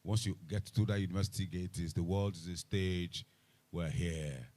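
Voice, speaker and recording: A man moderating a live panel, emphatic and repetitive, growing loud and animated, speaking into a microphone. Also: sits low, normal speed. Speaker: event moderator. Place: event hall with a microphone. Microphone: handheld event microphone.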